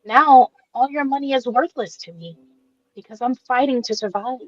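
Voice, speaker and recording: A woman voicing a gentle, tearful young woman with cancer in an amateur radio drama, speaking softly and with feeling. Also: high-pitched, no echo. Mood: sad. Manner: soft, emotional, slow-spoken. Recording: dull dry lo-fi recording.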